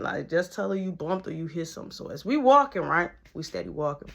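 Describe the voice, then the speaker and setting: A man's voice: fairly high pitch, fast talker, vocal fry, few pauses. A young man telling a story from his own life in a casual storytime, acting out every quote. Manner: animated, acts out every quote.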